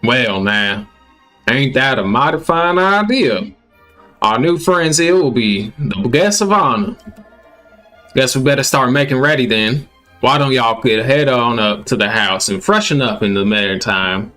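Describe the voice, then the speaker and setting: A man's voice: mid-range voice, animated, a little slow, bright, forceful tone, faint music behind. A man voicing a hospitable old country father in a put-on Southern US drawl, folksy and drawling.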